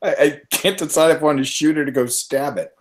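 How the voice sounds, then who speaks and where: A man playing a tabletop game who talks casually and excitedly, swears often and laughs a lot. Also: on the high side, fairly quick, a little hiss or hum. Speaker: player.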